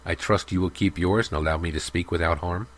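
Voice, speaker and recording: A man voicing a smooth-talking young merchant with a glib, persuasive manner. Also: low voice, fairly even intonation, fairly quick.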